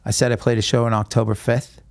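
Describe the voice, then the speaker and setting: A man, a guest musician, recounting a personal story in an interview, halting with frequent restarts. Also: mid-range voice, level tone, gravelly, no echo, studio quality.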